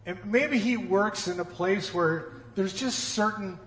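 A man preaching a sermon with folksy humor, swinging from loud emphasis to hushed, dropped phrases. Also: sits high, a little slow. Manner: dramatic swings from loud emphasis to near-whispered drops. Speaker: pastor. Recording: echoey church hall.

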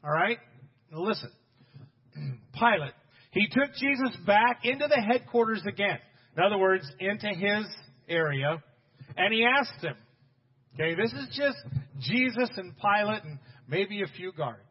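A pastor delivers an energetic sermon, pushing his words out in emphatic bursts and calling back to the congregation. His voice sits high for a man and has a husky grain. The recording sounds a little muffled and dull. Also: unhurried, long pauses, big-room sound. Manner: emphatic, rising to loud bursts, addressing the congregation directly.

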